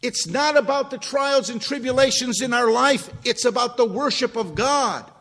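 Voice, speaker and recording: A man with a high voice delivers a sermon from the pulpit, talking to the congregation and putting questions to them. His voice carries a long reverb from the church hall around him. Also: normal speed, a bit bright. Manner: conversational preaching, asks the congregation questions. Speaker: pastor. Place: church sanctuary, also streamed online.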